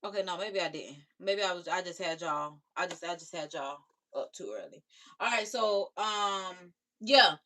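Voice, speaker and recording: A woman's voice: lowish voice, normal speed, sharp tone. A young woman, reacting to viewer comments on her live stream in sassy casual chat. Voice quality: raspy. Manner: sassy, talks back to commenters.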